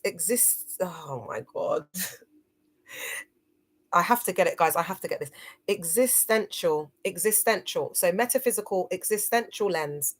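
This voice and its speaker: A woman hosting a motivational livestream, speaking earnestly to her viewers and reading from her notes. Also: medium pitch. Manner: earnest, reads from notes, addresses viewers as guys. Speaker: livestream host.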